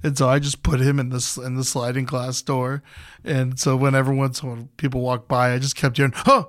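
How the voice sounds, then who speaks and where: A man's voice: medium pitch, monotone, brisk, no echo, clean studio sound. A young adult man telling a long story in a loose, casual way, swearing freely and rambling through restarts. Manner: loose and profane, jumps into loud hype-man shouting when retelling. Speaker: podcast host.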